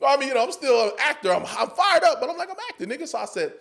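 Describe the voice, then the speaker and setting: A high-pitched man in his forties spins a wild story for his hosts. His voice leaps up and down as he acts out every person in it, cursing freely and laughing along the way. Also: very animated, fast, vocal fry, a bit bright. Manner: acts out other people's voices, laughs often, swears freely. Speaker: actor guest telling a story. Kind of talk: animated storytelling on a podcast.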